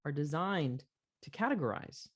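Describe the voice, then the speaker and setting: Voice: medium pitch, lively intonation, normal speed, breathy edge. A podcast host telling a story in an earnest, reflective conversational way, with frequent fillers.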